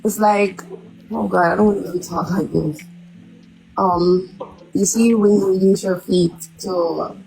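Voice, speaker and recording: A woman's voice: medium pitch, steady tone, takes it slowly, creaky, a little mellow, faint music behind, rough recording. A woman guest giving reluctant, short and hesitant answers in an interview.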